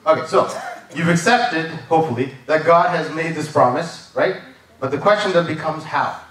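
A man's voice: fairly high pitch, moderate pace, a bit bright. Guy preaching at church, chatty, keeps asking right? amen?, sounds far off in a big echoey room. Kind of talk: sermon. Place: church service.

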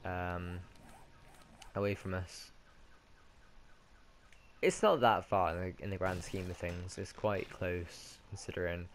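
A lower-voiced British man talks through his game in a casual, rambling way. He corrects himself often and chats as if to himself. A faint hum sits under the recording. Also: takes it slowly, long pauses. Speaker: gaming commentator. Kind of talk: casual let's-play commentary.

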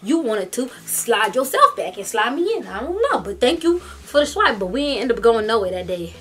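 A young woman tells a story to camera in a high voice, animated and full of slang. Her tone is bright and sharp, and faint music sits behind her talk. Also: moderate pace. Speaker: vlogger. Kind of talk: casual storytelling. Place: room in her parents' home.

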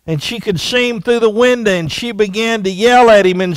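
Male pastor preaching in church. High voice, slow and emphatic delivery, dry close sound. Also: smooth, no echo. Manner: emphatic, repeats rhetorical questions. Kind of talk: sermon. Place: church sanctuary.

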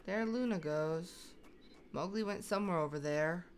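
A woman's voice: lowish voice, moderate pace, slight background noise. A young woman giving casual let's-play commentary, chatting to the animals in her game as if they were her kids. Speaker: gaming YouTuber.

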